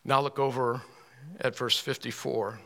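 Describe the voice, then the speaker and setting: A man preaching to a room, speaking slowly and deliberately with a bright, forceful tone. He reads scripture aloud with rising emphasis and clears his throat often, and his voice rings out with a long hall echo. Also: medium pitch, flat delivery. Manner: asks the audience pointed questions. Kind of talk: sermon. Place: room with listeners.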